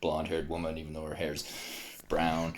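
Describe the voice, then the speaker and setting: A man's voice: a bass voice, monotone, moderate pace, a little hiss or hum. A man vlogging in a casual, rambling monologue who laughs often between phrases, swears freely and keeps trailing off and starting over. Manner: trails off and restarts a lot.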